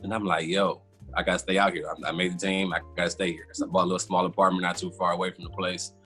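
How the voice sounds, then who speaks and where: A man's voice: low-pitched, little pitch movement, quick pace, fairly bright tone, soft background music. A man, casually telling a long story as a podcast guest and acting out his own past reactions. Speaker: former football player, guest.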